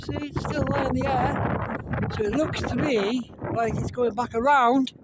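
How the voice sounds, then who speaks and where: A man's voice: very high-pitched, a little slow. A man filming outside on his phone, chatting casually and rambling as he talks the viewer through what he sees. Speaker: vlogger. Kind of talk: casual outdoor commentary. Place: outdoors in the wind. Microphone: phone, cupped by hand. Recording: windy phone recording with helicopter noise. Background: wind and helicopter rotor noise.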